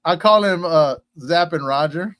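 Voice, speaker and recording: A man's voice: on the high side, unhurried, a bit bright, no room sound. A man from Texas, a guest on a casual interview, telling rambling stories full of fillers and playful asides. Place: at home in Houston.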